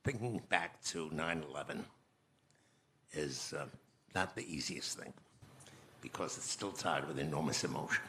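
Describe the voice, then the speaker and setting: A man in his eighties telling a personal story slowly and reflectively as a guest in a conference interview, often restarting his phrases. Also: rumbling low, pushed and bright, slight background noise. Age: 80s. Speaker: guest speaker.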